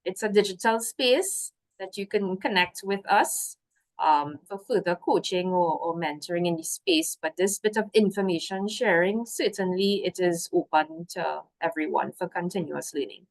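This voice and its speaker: A woman's voice: on the low side, moderate pace. A woman presenting a business workshop over a video call, encouraging and working through a list of points. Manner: encouraging, lists points, frequent "so". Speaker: workshop guest host. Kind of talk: webinar presentation.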